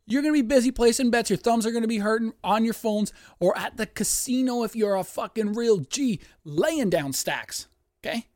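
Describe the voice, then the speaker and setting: Hyped, profane betting podcast host. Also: male voice, extremely high pitch, expressive, moderate pace, dry recording, clean studio sound. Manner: hyped and profane, breaks into yelling. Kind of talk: excited sports-betting podcast monologue. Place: home studio, dogs nearby. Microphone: close podcast mic.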